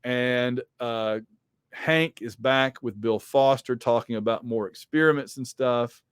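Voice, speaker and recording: A man's voice: medium pitch, measured pace, clean tone, no room sound. A man hosting a podcast, reading comic books aloud with chatty, wry commentary. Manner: chatty, wry asides, many fillers. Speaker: podcast host.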